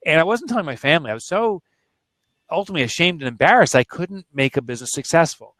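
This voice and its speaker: A man's voice: fairly high pitch, expressive, fast, fairly bright tone, dry recording. A man in his forties, an author being interviewed, telling a candid personal story in an earnest, emotional, plain-spoken way. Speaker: author and guest.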